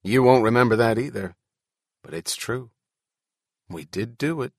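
A man's voice: medium pitch, a little slow, no room sound, clean studio sound. A man voicing a wry, resigned man saying a farewell.

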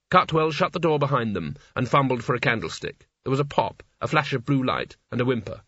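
Man narrating, bright husky voice. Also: medium pitch, lively intonation, fairly quick, hardly any pauses, no room sound, muffled recording. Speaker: audiobook narrator. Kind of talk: scripted narration.

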